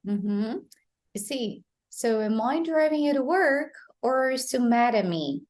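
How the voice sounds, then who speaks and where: A woman with a Brazilian Portuguese accent teaching English pronunciation, explaining slowly and modeling phrases for students to repeat. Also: a little high, lively intonation, a little mellow. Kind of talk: pronunciation lesson.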